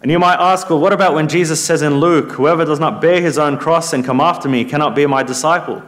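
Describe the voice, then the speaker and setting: A man's voice: a little high, quick pace, a bit bright. A man preaching a sermon in an earnest, emphatic way, lifting his voice when he quotes scripture.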